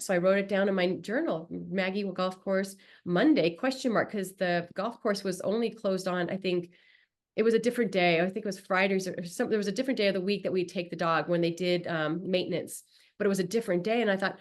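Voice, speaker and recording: A woman from Southern California, a podcast guest telling a personal story in a casual, animated way, acting out the people she quotes. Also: medium pitch, quick pace. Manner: animated, acts out quoted voices.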